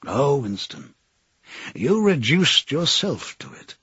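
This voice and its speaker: A man doing a cold, husky interrogator. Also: fairly high pitch, big pitch swings, takes it slowly, fairly bright tone, dry recording, muffled recording, pitched above the performer's own voice, full character voice. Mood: cold, menacing. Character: cold menacing male interrogator, middle-aged.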